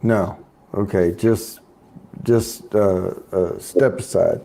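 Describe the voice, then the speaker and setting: A man in a casual group chat, talking slowly and hesitantly, stopping and restarting as he tells a joke. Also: low voice, steady tone, gravelly, background noise. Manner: slow, hesitant, stops and restarts with fillers. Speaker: chat participant.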